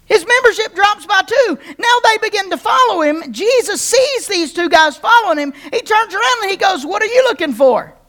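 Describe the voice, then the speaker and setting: A high-voiced woman pastor preaches to her congregation. She teaches with a playful, joking touch and mixes stories with her points. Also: expressive, moderate pace, few pauses, sharp tone. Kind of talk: sermon.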